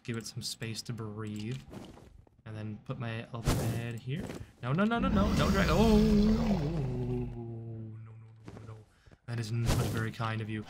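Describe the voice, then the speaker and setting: Heavy background noise surrounds a male gaming YouTuber with a mid-range voice as he gives live gameplay commentary. He chats away, talks to the game's mobs, and often bursts out in surprise.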